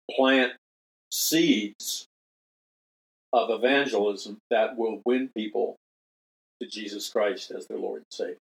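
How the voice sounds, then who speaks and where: Older man, radio host, emphatic monologue, repeats himself for emphasis, mid-pitched voice. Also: rough recording. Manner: emphatic, repeats key phrases, earnest appeals. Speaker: radio show host and minister.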